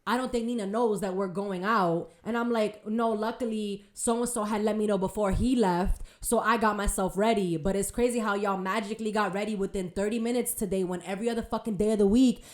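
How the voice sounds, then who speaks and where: A young woman, hosting a podcast and telling a story in a casual, animated way, full of slang and swearing. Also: medium pitch, a little fast, few pauses, reverberant. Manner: animated, swearing, slangy retelling with acted quotes. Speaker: podcast host.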